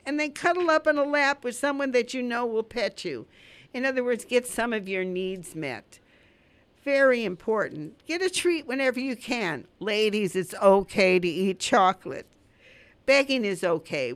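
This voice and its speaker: Older lady host reading her own poems, slow and heartfelt, then chatty stories. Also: gravelly. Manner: slow, heartfelt recitation with lively rises in pitch. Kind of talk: poetry reading and casual chat.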